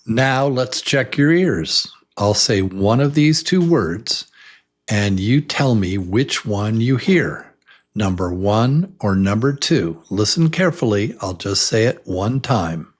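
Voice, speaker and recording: A man teaching a beginner English lesson, enthusiastic and repeating words slowly for learners to say along with him. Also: fairly low pitch, animated.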